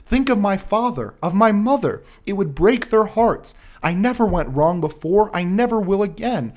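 A man's voice: sing-song, normal speed, a little mellow. A man voicing a frightened young hotel thief in a crackling, pleading voice, in a storybook reading. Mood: desperate pleading. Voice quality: crackling, shrill.

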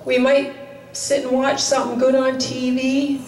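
Woman preacher, earnest sermon, repeats phrases, higher-pitched voice, mic set back from her. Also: monotone, measured pace, a little mellow. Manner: earnest, repeats key lines for emphasis. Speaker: chapel preacher. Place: chapel hall. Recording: roomy, distant mic, faint noise.

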